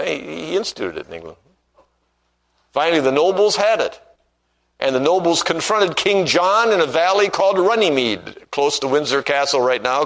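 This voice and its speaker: A man's voice: medium pitch, a bit bright, poor audio. A man preaching a sermon who tells stories and acts out the voices he quotes, and reads scripture in old-fashioned wording.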